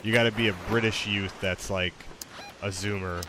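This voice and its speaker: A man gaming and chatting casually with an AI companion, in a halting, relaxed way. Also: fairly low pitch, background noise. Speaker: gamer streaming with an AI companion. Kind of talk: casual chat while gaming.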